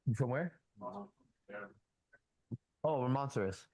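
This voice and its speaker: A man hosting a casual talk show, coaching a younger man bluntly and profanely and telling animated stories with quoted dialogue. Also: medium pitch, slow, no echo. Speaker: host. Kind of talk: casual advice talk and storytelling.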